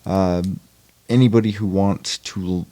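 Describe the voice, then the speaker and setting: A man's voice: sits low, steady tone, measured pace, dark tone, dry recording. A young man chatting casually as a podcast guest about acting in indie films, rambling with lots of fillers and restarts. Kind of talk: casual chat.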